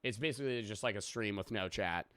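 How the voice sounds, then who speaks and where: A man's voice: on the low side, fast, fairly bright tone, no room sound, clean studio sound. A young adult man chatting casually on a live stream, rambling and joking, swearing freely and thanking viewers for subs.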